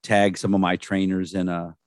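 A man hosting a casual podcast, introducing a guest in a relaxed way with many fillers. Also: deep voice, moderate pace, no echo, studio quality. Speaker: podcast host.

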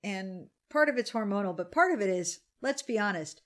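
A woman in her forties co-hosts a casual podcast chat over wine, speaking at a moderate pace in an animated, medium-pitched voice. She is candid and grumbling, swearing freely.

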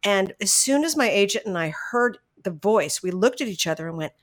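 A middle-aged woman, a voice actress, telling stories from her career in a casual interview, animated, laughing often and restarting her sentences. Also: medium pitch, a little fast. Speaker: voice actress guest.

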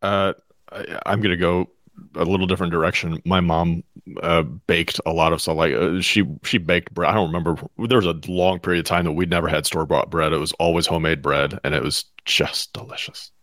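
Really low-voiced guy on a money podcast, dry close sound, short deadpan answers. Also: brisk, dry recording. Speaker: co-host, financial adviser. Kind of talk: casual banter on a money show.

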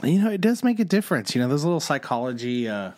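A man co-hosting a podcast who thinks aloud in halting, reflective sentences, his pitch swinging up and down in a lively way. He sounds dry and close to the mic. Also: no room sound. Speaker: assistant principal and podcast co-host. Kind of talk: casual conversation.

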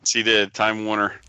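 A man co-hosting a casual podcast, playful and quick to laugh. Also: fairly low pitch, pushed and bright, smooth, no echo, highs cut off. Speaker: podcast co-host.

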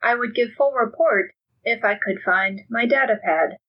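A woman's voice: on the high side, moderate pace, slightly rough, muffled recording. A woman voicing an obedient military cyborg that speaks in formal, clipped phrases. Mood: matter-of-fact.

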